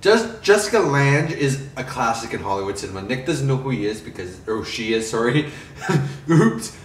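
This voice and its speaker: A man's voice: mid-range voice, big pitch swings, moderate pace, echoey room, distant mic, slight background noise, rough recording. A tipsy man chatting through a casual movie review, profane and giggly.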